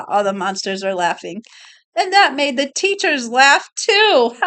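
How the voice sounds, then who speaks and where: A woman reads a picture book aloud to a child in an unhurried, sing-song way. Her pitch rises and falls a lot and sits fairly high. She stops often to point things out in the pictures. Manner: slow, expressive, doing voices and pointing out pictures. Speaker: storyteller reading to a child.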